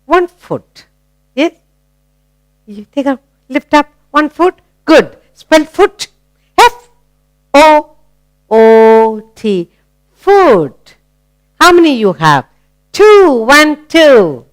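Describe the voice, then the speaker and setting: Slow, lively woman teaching young kids. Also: high-pitched. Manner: slow, sing-song, spelling words letter by letter; asks children questions, encouraging. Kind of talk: children's grammar lesson.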